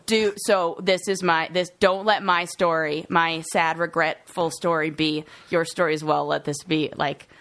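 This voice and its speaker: A woman's voice: deep voice, fairly even intonation, measured pace, few pauses, fairly bright tone. A woman co-hosting a podcast in casual conversation, emotional and tearful, talking in a rambling way. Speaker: podcast co-host.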